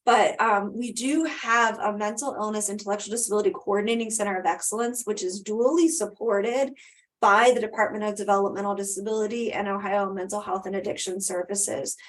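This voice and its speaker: A woman's voice: medium pitch, steady tone, fairly quick. A woman presenting a live webinar over a video call, answering questions and wrapping up in a conversational way with frequent ums.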